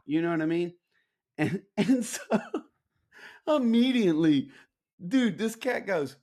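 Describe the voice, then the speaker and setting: A military veteran from Alabama tells war stories as a guest on a podcast, speaking casually with slang and profanity and acting out quoted dialogue. His voice sits high, and he takes it slowly with long pauses.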